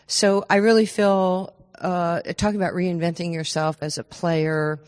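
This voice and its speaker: A woman, telling stories as a podcast guest in an animated, laughing way. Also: on the low side, unhurried, clean tone, in a large hall. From New York. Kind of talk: storytelling podcast interview.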